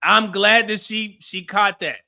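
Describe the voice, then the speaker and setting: A man's voice: sits high, measured pace, vocal fry. A man hosting a review, giving casual live commentary and acting out bits of quoted dialogue. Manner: animated, acts out quoted dialogue. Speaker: host reviewing a dating show.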